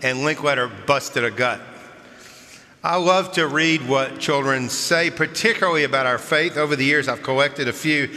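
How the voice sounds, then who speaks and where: Male pastor, bright clear voice, storytelling sermon, long church reverb. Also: medium pitch, moderate pace. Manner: warm storytelling with chuckles, then earnest preaching. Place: large church sanctuary.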